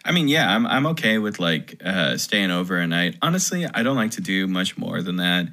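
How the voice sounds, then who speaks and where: Musician guy telling a story, low voice but really bright and forceful, says like a lot. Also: sing-song, normal speed. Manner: rambling, heavy use of "like". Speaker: touring musician. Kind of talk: casual podcast storytelling.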